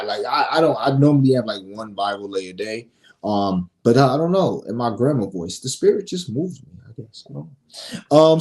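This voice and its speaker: A man's voice: medium pitch, dark tone. A man hosting a sports betting show, reading picks in a brash, profane, casual way and scolding his viewers.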